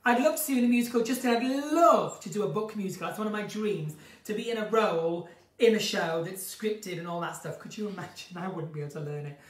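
A woman's voice: mid-range voice, fast talker. A woman hosting a casual live chat from home, reading out viewer questions and answering them in a chatty, theatrical way. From northern England. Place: at home, room with a window to her garden. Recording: roomy, distant home stream audio.

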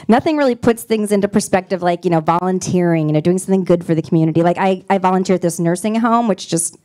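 Deadpan woman comic, lively pitch. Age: 40s. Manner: deadpan punchlines with frequent laughs and fillers. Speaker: stand-up comedian. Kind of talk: stand-up comedy set. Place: comedy club stage.

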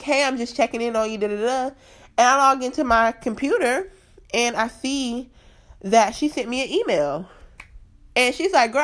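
A young woman from Florida hosting a podcast, telling a faith story in casual chat and jumping high in pitch when she quotes herself. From Florida, USA. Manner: animated storytelling, voices quotes with big pitch jumps. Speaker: podcast host.

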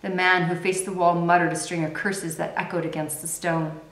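Brief: female reader, measured dramatic read-aloud, lowish voice, roomy room sound. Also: level tone, a bit bright. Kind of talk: reading a novel aloud. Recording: roomy echo.

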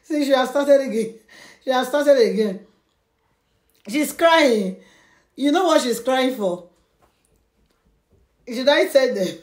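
Casual vlogger, woman, high-pitched, unhurried, frequent laughs, echoey home room. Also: lively intonation, darkish tone. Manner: laughs often, talks slowly to the camera and baby.

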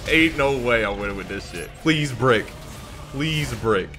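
A young man giving chatty, excitable, jokey commentary as he plays a card game. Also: mid-range voice, unhurried. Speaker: YouTuber playing a card game. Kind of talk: live gameplay commentary. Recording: faint music behind.

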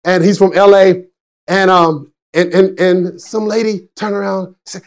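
High-voiced laughing pastor telling stories. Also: male voice, normal speed. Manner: chatty storytelling with frequent laughs; swings between excited and hushed. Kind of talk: sermon. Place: church service.

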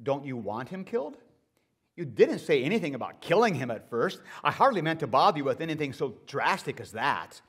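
A man's voice: on the high side, big pitch swings, fairly quick, fairly bright tone, husky, full character voice. A man doing a flustered, dithering ghost. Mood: flustered evasive. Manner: flustered, dithering, polite excuses. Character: fretful evasive male ghost from hell.

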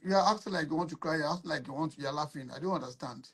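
A woman's voice: deep voice, rapid-fire, crowd noise. A woman with a Nigerian accent hosting a live matchmaking call-in show, bluntly firing off questions at callers. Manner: blunt and bossy, fires off questions. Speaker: host.

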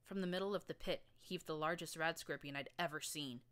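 Low, bright-toned woman narrating. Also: a little fast. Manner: vivid, action-driven storytelling. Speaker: audiobook narrator. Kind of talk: dramatic first-person fiction narration.

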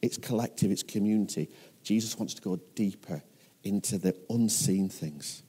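A man's voice: on the low side, moderate pace, mellow, husky. A man with a Northern English accent preaching a sermon as a pastor, earnest and often putting questions to his listeners.

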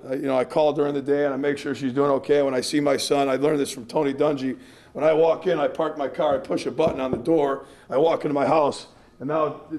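A man's voice: on the high side, a little mellow. A man, a strength coach, giving a clinic presentation in an earnest, emphatic, repetitive way.

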